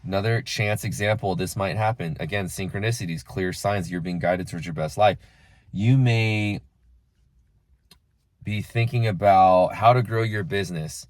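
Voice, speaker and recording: A man's voice: deep voice, moderate pace, dry recording. A young man talking casually to camera as a spiritual coach, chatty and full of filler "like"s and acted-out inner voices. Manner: conversational, lots of "like" and acted-out inner quotes.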